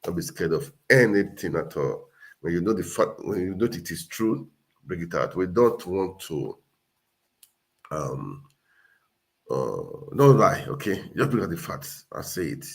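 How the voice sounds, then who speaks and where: A man's voice: low voice, very animated, a little slow, creaky. A man hosting a casual livestream, earnestly urging viewers and repeating himself. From Nigeria. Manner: earnest, repetitive, exhorting. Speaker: livestream host.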